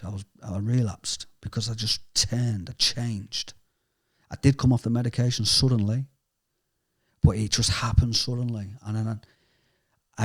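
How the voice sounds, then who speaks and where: A man giving a candid, emotional personal testimony in an interview, speaking haltingly and often trailing off quietly. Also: lowish voice. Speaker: interviewee sharing a recovery story.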